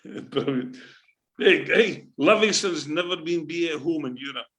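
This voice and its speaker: A Scottish man, a former football manager, telling lively anecdotes in an interview and acting out what people said. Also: on the high side, normal speed. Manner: lively anecdotal, acts out quotes, swears. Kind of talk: animated storytelling interview. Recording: roomy echo.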